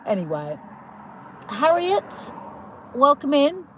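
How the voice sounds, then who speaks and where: A woman's voice: sits high, very animated, slow pace, a bit bright, a little hiss or hum, poor audio. A young British woman hosting a casual livestream, chatting and giggling as she welcomes viewers, with lots of fillers and restarts. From United Kingdom. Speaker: livestream host. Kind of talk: casual live chat greeting viewers.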